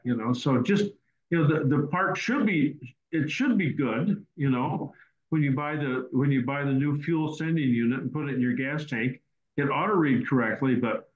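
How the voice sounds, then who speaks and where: Rambling male host on a roomy call. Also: medium pitch. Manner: rambling, repeats words and restarts. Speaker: host answering questions. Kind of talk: casual Q&A teaching session. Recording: roomy, dull online call audio.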